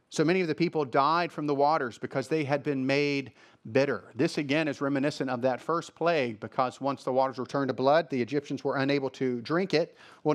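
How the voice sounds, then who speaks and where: A male pastor preaching a sermon, reading scripture aloud and explaining it, repeating phrases for emphasis. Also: fairly high pitch.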